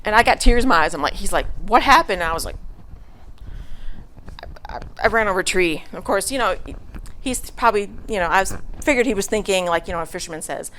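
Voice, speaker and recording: A fast-talking middle-aged woman addresses her church with a casual story, full of laughs, fillers and restarts. Her mid-range voice is bright and expressive, with a forceful tone.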